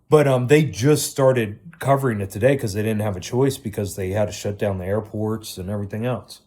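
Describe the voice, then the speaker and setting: A man talking to his viewers in a rambling casual monologue, halting often with ums and restarts, and swearing casually. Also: medium pitch, warm tone, husky. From Virginia, United States. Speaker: video creator.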